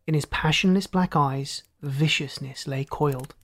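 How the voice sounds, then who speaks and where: Man reading a sci-fi story aloud. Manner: steady, measured reading that lifts in pitch for quoted speech. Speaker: audiobook narrator. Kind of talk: scripted narration of a science fiction story.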